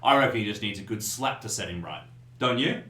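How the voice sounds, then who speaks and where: A man voicing a belligerent drunk in a diner who shouts accusations at strangers. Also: fairly low pitch, expressive, brisk, echoey room. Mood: scornful. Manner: loud, accusing, slurring rants.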